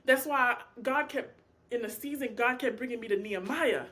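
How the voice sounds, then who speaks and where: A woman's voice: on the high side, normal speed. A woman leading an informal Bible study, speaking with passion, acting out prayers and dialogue, and talking to her listeners in a casual, familiar way. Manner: impassioned, animated, acts out prayers and dialogue; colloquial, addresses listeners as y'all. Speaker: Bible teacher.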